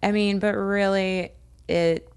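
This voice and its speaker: An American woman co-hosting a casual podcast chat, telling animated stories and acting out what people said. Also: medium pitch, slow, clean tone, no room sound. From United States. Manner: animated storytelling, acting out quotes. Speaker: podcast co-host.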